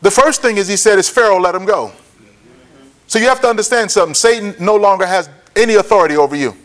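A man teaching a Bible lesson, often checking that listeners follow and repeating key points slowly for notes. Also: high-pitched. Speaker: preacher.

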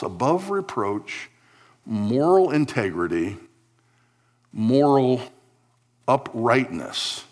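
Emphatic preaching man, slightly high voice. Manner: emphatic preaching, stretches key words, drops to quiet asides. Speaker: pastor. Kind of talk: sermon.

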